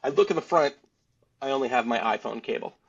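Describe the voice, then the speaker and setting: Husky man telling a wild story. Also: mid-range voice, fast talker. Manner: animated, rambling, laughing between lines. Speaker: podcast guest. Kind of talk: casual storytelling. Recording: dull lo-fi sound.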